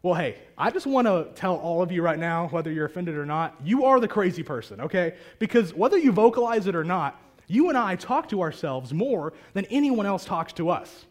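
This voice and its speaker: A man preaching a sermon to a congregation in a conversational, animated way. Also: sits high, fairly quick, hardly any pauses. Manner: conversational and animated, acting out prayers. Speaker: pastor. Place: church hall with a congregation.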